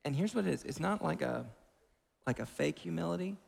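A man preaching a sermon in a lively, conversational way, with asides, in a church hall. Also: a little high, a little fast, creaky, breathy edge. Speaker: pastor. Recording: long church reverb.

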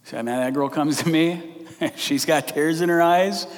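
A man gives a sermon in an earnest, conversational way. His voice sits a little above the usual male range, and it rings out in a large hall with a long reverb tail. He hurries through the side remarks and draws out the points that matter most. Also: a little high. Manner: earnest and conversational, moving between quick asides and slow, drawn-out emphasis. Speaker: pastor.

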